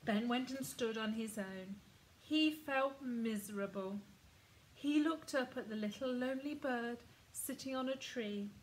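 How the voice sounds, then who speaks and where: A woman reading a children's picture book aloud in a gentle, expressive storytelling manner. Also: fairly high pitch, a little slow, slight background noise, poor audio. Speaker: storybook reader.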